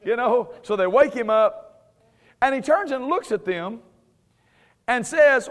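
Male preacher, high-pitched, conversational Bible teaching, frequent chuckles, sarcastic humor with firm emphasis. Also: animated, slow, pauses often.

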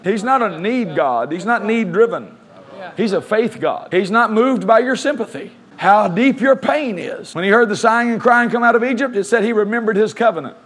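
Preaching as pastor in a high-pitched voice, a man reads scripture aloud, slows to emphasize key phrases, and draws his congregation into call-and-response.

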